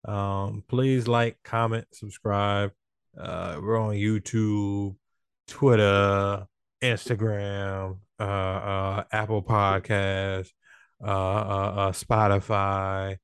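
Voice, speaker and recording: A man hosting a podcast, talking in an animated, slangy, casual way. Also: fairly low pitch, extremely slow, smooth, no echo, studio quality. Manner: animated, slangy, swings into exaggerated voices. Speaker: podcast host. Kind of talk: casual chat.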